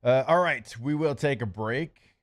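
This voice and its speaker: A man hosting a sports radio show in a mid-range voice. He banters quickly with his co-host and reads ads in a brisk, upbeat tone. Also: mid-range voice. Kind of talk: casual sports talk and live ad reads.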